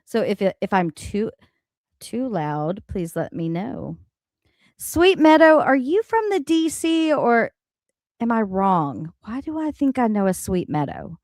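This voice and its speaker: A woman hosts a reaction livestream in a blunt, foul-mouthed way. She talks slowly but her pitch swings widely. Her voice is dry and close, caught on a home streaming mic. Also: no echo. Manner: animated, blunt and profane. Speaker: livestream host.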